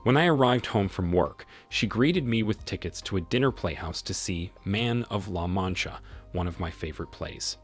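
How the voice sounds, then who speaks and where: A man reading a scripted first-person story in a plain, even way. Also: sits low, normal speed, soft background music. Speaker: narrator.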